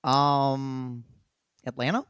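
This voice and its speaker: A man playing a trivia game, relaxed and a little hesitant as he answers. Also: mid-range voice, drawn-out words, clear, resonant tone, no echo, clean studio sound. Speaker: trivia contestant. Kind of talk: casual game banter.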